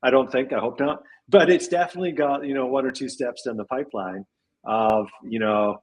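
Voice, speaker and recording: A man's voice: medium pitch, fairly quick, rough recording. A man who runs a tech company, speaking as an interview guest in a thoughtful, rambling way. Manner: thoughtful, rambling with restarts and small laughs. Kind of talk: casual interview conversation.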